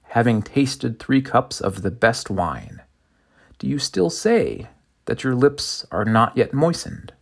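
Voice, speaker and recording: A man voicing a calm, wise old Zen master who answers his monk with a question in a spoken parable. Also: medium pitch, slow, vocal fry, breathy edge, exaggerated voice.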